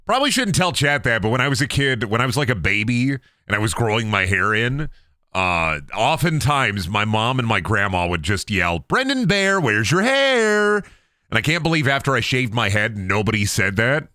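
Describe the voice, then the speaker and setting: Animated, joking male streamer. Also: lowish voice, normal speed, dry recording, clean studio sound. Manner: self-deprecating, rambling, jokey. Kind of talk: casual gaming stream chat.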